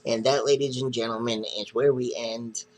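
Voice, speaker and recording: A man's voice: mid-range voice, fairly even intonation, moderate pace, low-quality recording. A man casually reviewing a comic book, retelling the story in a rambling, hesitant way.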